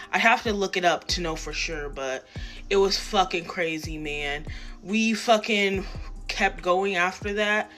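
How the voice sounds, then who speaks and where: A woman's voice: lowish voice, fairly bright tone. A young woman telling a rambling, profanity-laced personal story in a casual, self-deprecating way, acting out what people said. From Tacoma, Washington area.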